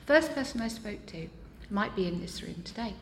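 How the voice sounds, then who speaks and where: A woman's voice: mid-range voice, expressive, fairly quick, roomy sound, a little hiss or hum. A woman giving a candid, self-deprecating personal share at a support group meeting, speaking earnestly to the room. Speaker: meeting member sharing.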